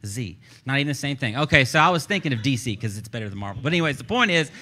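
A Texan man preaching a sermon with a bright, forceful voice. He is a pastor who talks to his congregation like he's chatting with friends, slipping jokes and asides into his points. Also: mid-range voice, rapid-fire. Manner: animated, joking, conversational preaching. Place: church stage.

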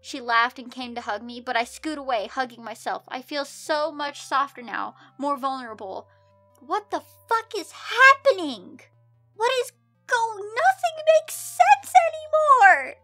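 A young woman reads fan fiction aloud for laughs, her voice high and bright. She keeps interrupting the story with exasperated, incredulous outbursts. Soft music plays faintly beneath her. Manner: exasperated, breaks off to shout in disbelief. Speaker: channel host reading fan fiction. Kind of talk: comedic dramatic reading with commentary. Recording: soft music bed underneath.

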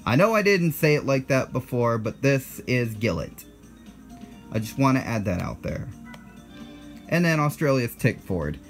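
A man's voice: mid-range voice, sing-song, measured pace, soft background music. A man in his twenties with an American accent hosts his own video, talking casually in a blunt, defensive way and correcting himself in asides. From United States. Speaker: channel host.

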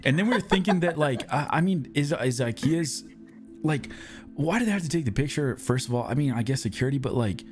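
A man's voice: fairly high pitch, animated, a little fast, a little mellow, faint music behind. A man co-hosting a stream in casual chat, rambling through profane riffs and laughing at his own jokes. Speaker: streamer co-host.

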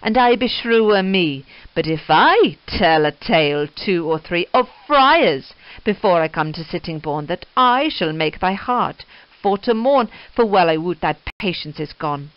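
A woman voicing a quarrelsome medieval male summoner who shouts insults in Middle English verse. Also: lowish voice, animated, unhurried, no echo. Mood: threatening. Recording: dull lo-fi recording.

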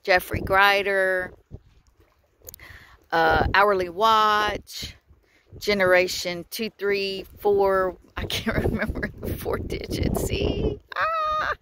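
A woman from Texas talking earnestly about her faith in a casual outdoor vlog, a little out of breath, with pauses and soft laughs. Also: mid-range voice, steady tone, background noise. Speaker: vlogger. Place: outdoors by the water at sunset.

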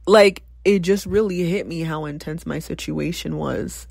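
A podcaster in their twenties talks through a personal story in a candid, reflective way, with sudden bursts of exclamation. The voice sits at a middle pitch and sounds close and dry, with no room echo. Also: measured pace, vocal fry. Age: 20s. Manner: reflective, reenacts past conversations with sudden exclamations. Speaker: podcast host.

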